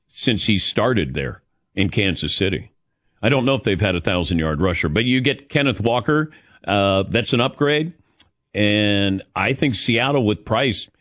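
A man's voice: fairly low pitch, a bit bright. A middle-aged man hosting a sports talk radio show, chatting casually and joking as he takes callers.

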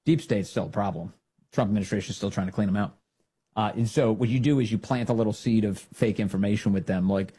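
A man hosting a political commentary show, mocking a news report in a sarcastic, animated way. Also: on the low side, quick pace, slightly rough.

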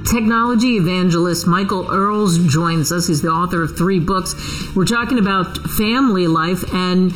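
A woman radio host introduces her guest in a crisp, scripted way and asks him questions. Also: lowish voice, normal speed, soft background music, rough recording. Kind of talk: broadcast interview hosting.

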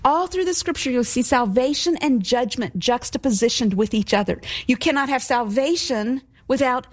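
A middle-aged woman gives a recorded Bible teaching, her voice sitting a little high. She reads scripture slowly and emphatically, then explains it phrase by phrase to her listeners. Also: expressive. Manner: slow, emphatic scripture reading.

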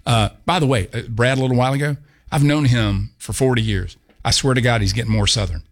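A man's voice: mid-range voice, quick pace. A man hosting a call-in talk radio show in a studio, joking and chuckling between his questions.

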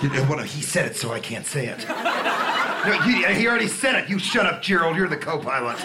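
A man doing a stand-up comedy set on a club stage, animated storytelling that bursts into shouted bits. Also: on the high side, normal speed. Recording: live club recording with crowd laughter and noise. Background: audience laughter.

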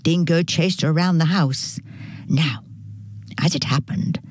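A woman narrating a children's picture book with a slightly low voice. She takes her time, and her pitch rises and falls with the tale. The recording is close and dry. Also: no room sound. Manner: slow, animated storybook narration. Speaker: storyteller. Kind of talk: reading a children's story aloud.

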